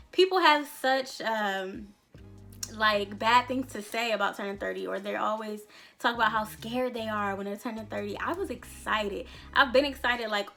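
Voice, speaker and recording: A woman's voice: high voice, fairly bright tone. A woman in her thirties talking candidly to her viewers in a casual, reflective vlog, rambling a little, laughing often and swearing casually. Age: 30s. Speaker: vlogger, songwriter. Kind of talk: casual reflective chat to camera.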